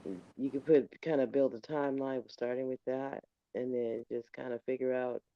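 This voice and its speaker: A man co-hosting a casual discussion, reasoning slowly with hesitations. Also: mid-range voice, fairly even intonation, warm tone, no echo, muffled recording. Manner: thoughtful, hesitant, reasoning step by step. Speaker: co-host. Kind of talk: casual chat.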